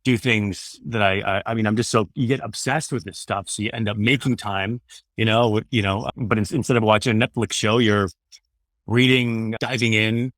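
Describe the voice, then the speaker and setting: A man's voice: on the low side, fairly even intonation, normal speed, fairly bright tone, no room sound. Earnest rambling middle-aged man, dry mic. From Canada. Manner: earnest, rambling, says "man" and "you know" often. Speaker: radio host turned podcaster, guest. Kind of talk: candid interview conversation.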